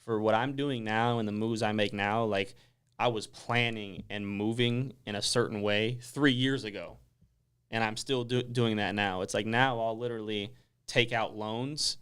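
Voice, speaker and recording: Low-voiced man explaining credit casually. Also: normal speed, smooth. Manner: relaxed, explanatory, lots of "like" fillers. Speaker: guest. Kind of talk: casual radio interview.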